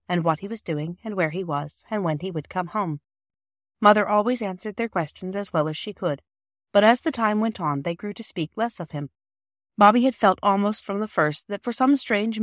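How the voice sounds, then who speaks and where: Measured woman reading a children's classic. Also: medium pitch, no echo, studio quality. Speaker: audiobook narrator. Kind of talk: scripted storybook narration.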